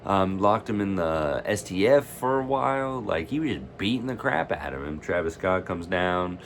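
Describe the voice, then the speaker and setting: Low-voiced man, opinionated vlogger, rambling and frustrated. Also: animated, moderate pace, slight background noise. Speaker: wrestling fan vlogger. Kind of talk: casual reaction rant.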